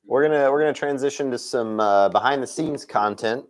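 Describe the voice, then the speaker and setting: A man hosting a livestream in an upbeat way, with many halting restarts and "uh"s. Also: medium pitch. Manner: halting, filler-heavy, upbeat. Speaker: livestream host.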